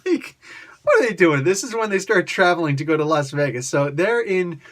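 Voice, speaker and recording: A man reviewing a comic book in a casual, excitable way, often laughing as he recaps scenes. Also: high-pitched, normal speed.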